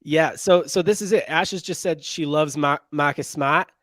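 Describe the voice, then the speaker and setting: A man's voice: fairly high pitch, moderate pace, a bit bright, dry recording, clean studio sound. Chatty man hosting a sports podcast. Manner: chatty, jokey, reads out chat names. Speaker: podcast co-host. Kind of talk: casual sports podcast chat.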